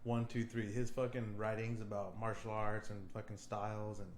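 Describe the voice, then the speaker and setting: A young man on a podcast, excitedly retelling a favorite film scene with lots of fillers and swearing. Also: on the low side, moderate pace, a little hiss or hum. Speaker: podcast co-host. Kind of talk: casual podcast chat.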